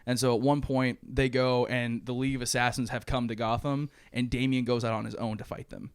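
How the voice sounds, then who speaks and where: Animated man retelling a movie, smooth dry voice. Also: medium pitch, a little fast, no echo. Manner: animated, laughing often, swearing, acting out characters' lines. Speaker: podcast co-host. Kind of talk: casual chat, retelling a movie plot.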